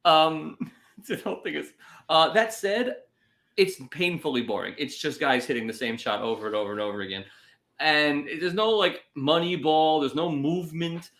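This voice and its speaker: A young man co-hosting a casual comedy podcast, riffing sarcastically and dropping quick impressions. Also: fairly high pitch, lively intonation, a bit bright. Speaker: podcast co-host.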